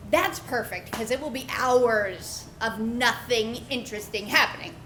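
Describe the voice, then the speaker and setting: A woman with a high, lively voice tells a story before a live audience. She gives the people in her tale their own voices. The stage mic sits in an echoey pub room. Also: slight background noise. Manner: animated, acts out quoted voices.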